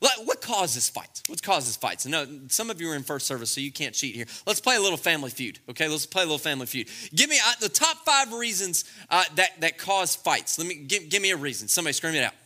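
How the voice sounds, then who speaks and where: Animated bright-voiced pastor. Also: male voice, on the high side, fast, hardly any pauses. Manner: playful, acts out scenes in funny voices. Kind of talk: lively comedic sermon.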